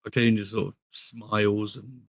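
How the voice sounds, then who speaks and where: A man's voice: lowish voice, level tone, normal speed, no echo. A man playing a tabletop role-playing game, describing his character's actions in an understated way. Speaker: player.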